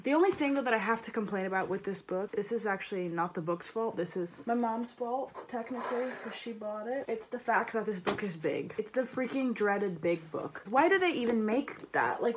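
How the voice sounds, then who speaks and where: A woman's voice: medium pitch, slightly rough. Dramatic young woman vlogging. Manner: dramatic and opinionated, with sudden excited jumps. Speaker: book vlogger. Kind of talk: casual vlog chat.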